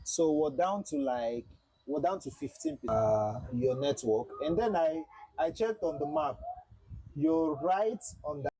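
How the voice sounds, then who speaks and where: A man livestreams a flight simulator and chats with his viewers in a loose, repetitive way. His voice sits a little high and has a husky grain. The sound is close and dry, like a desk mic in a small room. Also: expressive, a little slow, mellow, no echo, poor audio. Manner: chatty, repeats himself, talks to chat. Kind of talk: casual livestream commentary.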